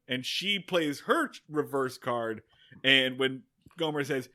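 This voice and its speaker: A man's voice: fairly high pitch, animated, unhurried, pushed and bright. A man co-hosting a podcast, summarizing a plot in casual, wry chat. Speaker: podcast co-host.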